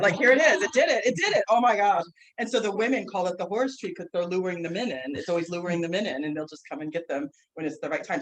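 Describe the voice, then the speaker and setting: A woman teaching a class, telling a story in a lively, rambling way, full of restarts and "like", standing away from the microphone. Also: fairly low pitch, poor audio. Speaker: herbal instructor and guest speaker. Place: classroom, speaking away from the mic.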